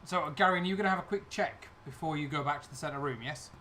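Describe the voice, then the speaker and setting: A man narrating a tabletop game as game master, describing scenes and pressing players for detail. His voice is bright and sharp, a touch higher than most. Faint noise hums behind him. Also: quick pace. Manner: questioning, descriptive, with restarts.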